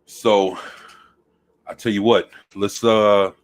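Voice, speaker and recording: A man's voice: on the low side, little pitch movement, slow, dry recording. A man co-hosting a casual podcast, laid-back and greeting viewers by name. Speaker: podcast co-host. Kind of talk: casual chat.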